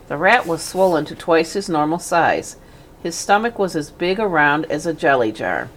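A woman narrating a children's storybook in a gentle, even manner. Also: deep voice, normal speed. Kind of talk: storybook reading aloud.

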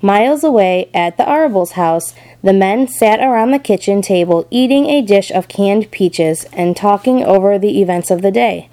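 A woman narrates a storybook aloud in a calm, measured way. Her voice is warm and mellow, neither high nor low. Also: rough recording.

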